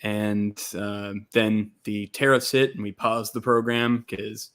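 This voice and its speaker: A man, a distillery co-founder from Texas, casually telling an animated story and acting out other people's lines. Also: lowish voice, slow, clear, resonant tone. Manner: animated, quotes others in lively voices.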